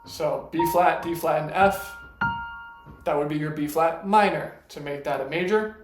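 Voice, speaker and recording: A man teaching a casual piano lesson, patient, explaining step by step and counting notes out loud. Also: on the high side, normal speed. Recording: echoey room with piano playing. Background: piano notes between lines.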